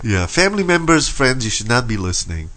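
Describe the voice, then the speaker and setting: Brief: male radio host, relaxed and casual, swings his pitch around a lot. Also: a little fast. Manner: laid-back, swears, says "you know" a lot. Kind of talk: casual chat.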